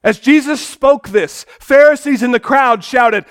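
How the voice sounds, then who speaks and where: A man preaching a dramatic sermon in church, swinging between loud declarations and hushed, low passages. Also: measured pace. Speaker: pastor.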